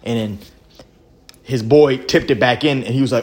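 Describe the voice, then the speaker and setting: A man's voice: mid-range voice, moderate pace. A man co-hosting a podcast, retelling a pickup basketball game in casual, profane slang. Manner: animated storytelling, profane slang. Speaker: podcast co-host. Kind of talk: casual chat.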